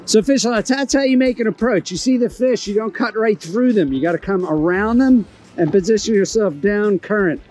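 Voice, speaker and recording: A man's voice: high-pitched, normal speed, hardly any pauses, a little mellow, faint music behind, rough recording. A man hosting a fishing video from a boat on open water, exclaiming with enthusiasm and explaining how to approach and catch fish. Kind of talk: excited on-the-water fishing commentary.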